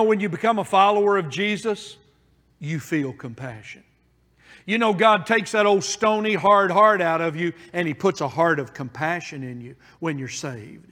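Male preacher, earnest and pleading, high voice, long hall reverb. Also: fairly bright tone. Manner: earnest, pleading, with emphatic repetitions. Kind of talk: sermon.

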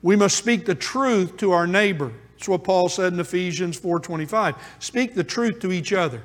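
A man's voice: high voice, moderate pace. A male pastor preaching a sermon in a church, repeating key phrases with emphatic rhythm. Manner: emphatic, repetitive preaching cadence. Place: church sanctuary. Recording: long hall reverb.

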